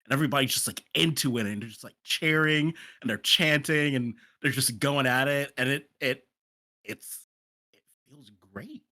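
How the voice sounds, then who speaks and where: A stream co-host chats casually on a livestream, relaxed and laughing a lot, often trailing off mid-sentence. The voice is medium-pitched and sharp-toned, at a moderate pace.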